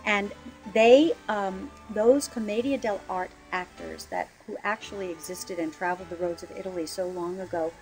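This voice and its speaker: A woman's voice: medium pitch, fairly even intonation, a little mellow, faint music behind, low-quality recording. Chatty woman lyricist explaining her show. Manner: chatty, laughs easily, fills pauses with um. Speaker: lyricist and book writer. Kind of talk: casual interview explanation.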